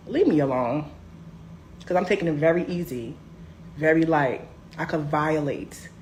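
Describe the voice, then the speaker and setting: A young woman telling a personal story in a casual, animated, sassy way. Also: lowish voice, slight background noise. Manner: animated, sassy, emphatic swings.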